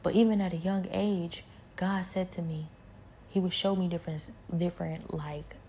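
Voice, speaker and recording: A woman giving a rambling personal spiritual testimony, speaking softly and often dropping into a whisper. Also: on the low side, fairly even intonation, normal speed, a little hiss or hum. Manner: soft-spoken, often trailing into whispers; rambling, many fillers and repeats.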